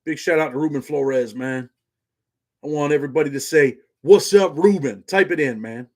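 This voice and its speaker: A man's voice: mid-range voice, a little fast. A middle-aged man hosting a casual livestream, talking loosely, saying "man" constantly and reading viewer comments aloud. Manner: loose, repeats "man" often, reads chat aloud. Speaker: livestream host.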